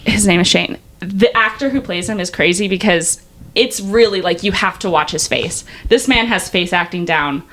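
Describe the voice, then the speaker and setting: A young woman co-hosting a podcast, rambling excitedly with lots of fillers and laughs. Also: fairly low pitch, normal speed, poor audio. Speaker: podcast co-host. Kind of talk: casual chat.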